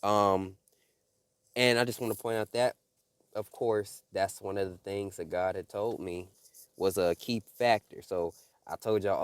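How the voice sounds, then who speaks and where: A man talks to his viewers about faith and the end times in an urgent, preachy way. His voice sits on the low side. It is recorded close and dry, with no room sound. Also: fairly even intonation, unhurried, smooth, no room sound. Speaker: religious video creator. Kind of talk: casual spiritual commentary.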